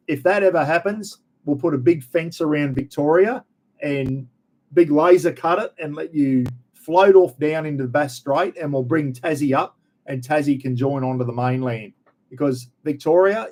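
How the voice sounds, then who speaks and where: A man's voice: a little high, a little mellow. A middle-aged Australian man hosting a casual livestream, reading out viewer comments and chatting in a blunt, jokey, rambling way full of slang. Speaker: livestream host.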